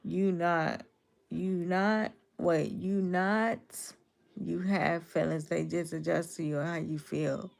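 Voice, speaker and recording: A woman in her twenties with a Chicago accent, chatting casually on a livestream and answering her viewers' comments. Her voice is naturally low and gravelly, the kind viewers take for a cold. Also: flat delivery, a little slow. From Chicago, USA. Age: 20s. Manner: talks straight to her chat, reading and answering comments.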